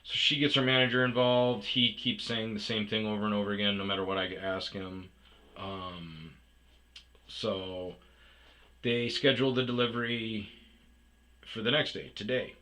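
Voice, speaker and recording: A man casually telling a profane, animated story about chasing a delivery driver, with yelled reenactments. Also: lowish voice, normal speed. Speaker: storyteller host. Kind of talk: casual ranting anecdote.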